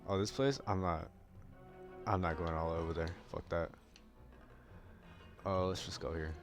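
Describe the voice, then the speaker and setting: A young man giving casual, profane gameplay commentary, often bursting into yells. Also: low voice, measured pace, long pauses, faint music behind. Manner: profane, excitable, bursts into yelling. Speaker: gaming video creator.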